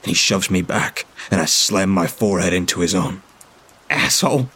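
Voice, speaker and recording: A man narrating a horror story in a grim, steady first-person reading. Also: low voice, brisk, breathy edge.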